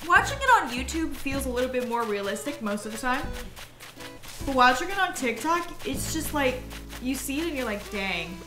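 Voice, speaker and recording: A woman's voice: sits high, lively intonation, moderate pace. A woman streaming a game, chatting casually and giggling often, sounding tired and yawning. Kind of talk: casual chat while playing a game. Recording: roomy echo with soft music.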